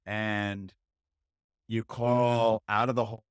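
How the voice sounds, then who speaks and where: A man hosting a solo podcast as a relationship coach, telling a story and jumping high in pitch to act out inner voices. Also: flat delivery, takes it slowly, smooth, no echo, studio quality.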